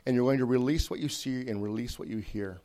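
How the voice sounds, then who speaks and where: Male preacher, warm low-key tone, chatty sermon with repeated emphatic lines. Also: quick pace. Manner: conversational, repetitive emphatic phrasing, checks in with listeners. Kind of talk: informal sermon.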